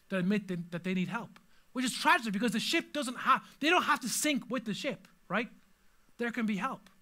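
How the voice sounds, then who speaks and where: Male pastor, sermon, high voice, very bright tone, dramatic swings from loud to hushed. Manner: dramatic, swings from loud panicked cries to hushed low asides. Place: church hall with a congregation.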